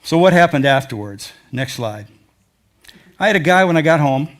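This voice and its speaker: A man's voice: a little high, lively intonation, normal speed. An older man giving a presentation to an audience, telling rambling, folksy stories from his travels. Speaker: adventure travel speaker. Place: lecture hall before an audience.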